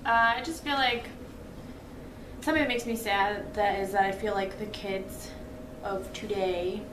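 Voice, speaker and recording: A woman's voice: medium pitch, steady tone, unhurried, far from the mic, background noise. A woman in her twenties chatting casually in a couple's question-and-answer video, telling stories with lots of "like" and frequent laughs. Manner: chatty, giggly storyteller, lots of "like". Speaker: vlogger. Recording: echoey room, away from the mic.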